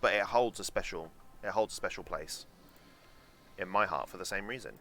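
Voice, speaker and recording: Young London streamer, low, bright and lively voice, chatty and sweary, faint hiss under the mic. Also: male voice, normal speed. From England. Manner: chatty, sweary, answers chat aloud. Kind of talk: casual live-stream chat while gaming.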